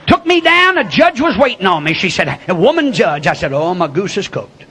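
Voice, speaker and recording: An older man preaching a sermon as a folksy storyteller, building to shouts. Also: high voice, sing-song, a little fast, slight background noise.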